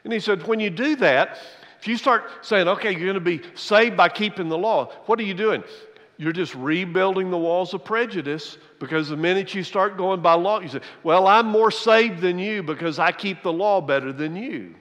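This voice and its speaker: A male senior pastor preaching a sermon. His fairly high voice lands hard on his points and repeats them for effect. A long reverb from the church hall trails after each phrase. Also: moderate pace, fairly bright tone.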